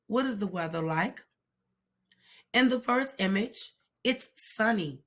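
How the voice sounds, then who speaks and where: A woman teaching a language lesson, repeating each word slowly and carefully for pronunciation. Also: medium pitch, animated. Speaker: Spanish teacher. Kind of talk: slow, deliberate language lesson.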